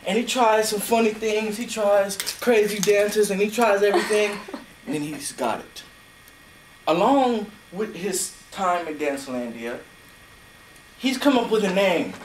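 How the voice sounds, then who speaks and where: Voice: mid-range voice, lively intonation, measured pace. A speaker improvising a playful story at a club meeting, recorded in an echoey room. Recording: echoey room, faint noise.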